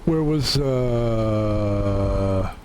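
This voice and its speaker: A man's voice: fairly low pitch, very slow, a little mellow, a little hiss or hum, poor audio. A man streaming a puzzle game, thinking aloud in a casual, playful way. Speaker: gaming streamer. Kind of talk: casual gameplay commentary.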